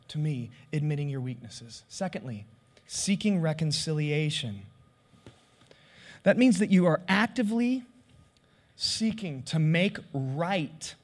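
A middle-aged man who pastors a church, preaching a candid, confessional sermon and voicing his own prayers as he goes. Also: on the high side.

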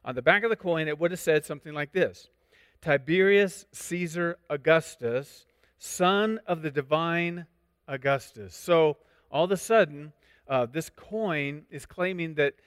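Male pastor, slightly high voice, chatty explanatory sermon delivery, long hall reverb. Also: unhurried, a bit bright, smooth, clean studio sound. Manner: conversational, explanatory, with asides and restarts. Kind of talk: sermon teaching.

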